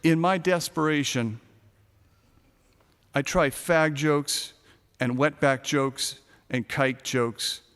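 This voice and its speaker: A man narrating a first-person short story in a sardonic, darkly comic way, now and then shouting a punchline. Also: on the high side, slow pace, long pauses, clear, resonant tone, long reverb tail.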